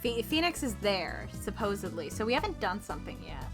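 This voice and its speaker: A woman's voice: mid-range voice, very animated, fairly quick. A woman co-playing a game, chatting casually and reading menu options aloud dryly, with faint game music behind. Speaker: co-player guest. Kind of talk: casual let's-play chat.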